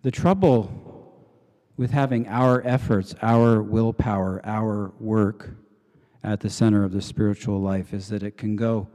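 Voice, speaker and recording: A man's voice: lowish voice, fairly even intonation, a little slow, warm tone. A man preaching a sermon as a cathedral dean, telling stories in a reflective way with small fillers and restarts. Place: large cathedral. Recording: reverberant cathedral sound.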